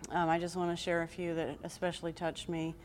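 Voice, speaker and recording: A woman's voice: fairly low pitch, monotone, fairly quick, slight background noise. A woman giving an earnest, heartfelt presentation to a live audience. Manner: reads scripture aloud with emphasis. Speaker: conference presenter.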